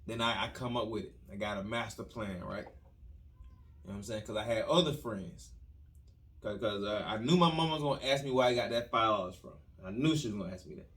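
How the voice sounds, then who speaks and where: A man hosting a podcast who tells a comic story in an animated, repetitive way with lots of slang and restarts. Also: lowish voice, fast talker, far from the mic. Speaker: podcast host telling a story.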